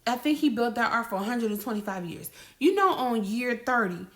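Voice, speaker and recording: A woman's voice: fairly high pitch, animated, fairly quick, a bit bright. A woman giving a casual faith-coaching talk, bold and playful, acting out little dialogues.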